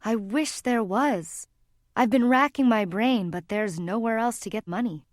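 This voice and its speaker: A woman's voice: a little high, measured pace, dry recording, studio quality, close to an everyday voice. A woman narrator voicing a worried, tired middle-aged mother who talks in a strained, pleading way near tears.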